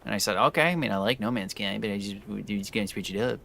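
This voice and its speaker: A man's voice: on the low side, fast talker, creaky, fairly bright tone. A young man chatting casually with his live-stream viewers while he plays, rambling and correcting himself as he goes. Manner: rambling, self-correcting, talks to chat.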